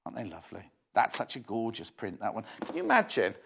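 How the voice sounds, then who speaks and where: A man's voice: lowish voice, wildly swooping pitch, fast, gravelly, bright, forceful tone, husky. A man presenting fabric on a live shopping channel, chatty and bubbly with rambling asides and a slightly sore throat. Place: TV studio.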